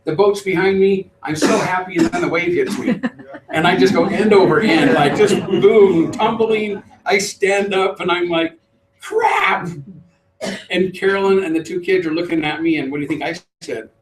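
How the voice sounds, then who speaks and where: Animated man telling a story in a roomy hall. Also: high-pitched, moderate pace, a loud crowd. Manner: animated storyteller, acts out voices. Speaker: trainer. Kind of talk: storytelling talk to a live group. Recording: roomy, distant mic.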